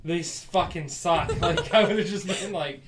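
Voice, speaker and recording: A man's voice: a little high, a little slow, background noise. A man co-hosting a casual podcast chat, rambling and swearing with frequent laughter. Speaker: podcast co-host.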